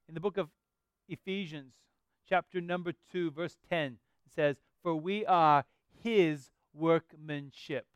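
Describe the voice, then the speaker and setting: A man's voice: high voice, smooth, no room sound. A middle-aged man preaching a sermon as a pastor, earnest and conversational with emphatic rises.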